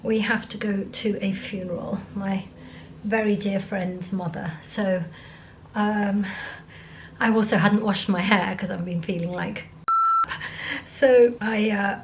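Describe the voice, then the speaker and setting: A middle-aged woman vlogging casually to camera while ill and congested, hoarse and tired, often talking half-whispered. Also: medium pitch, slight background noise, low-quality recording. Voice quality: gravelly. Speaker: beauty vlogger. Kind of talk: casual vlog chat to camera.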